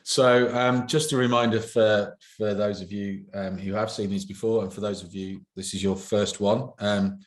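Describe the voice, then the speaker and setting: A man's voice: lowish voice, fairly even intonation, normal speed, hardly any pauses. A man, the event organizer, chatting casually and joking in a promotional interview. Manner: chatty, joking, self-deprecating. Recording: roomy echo.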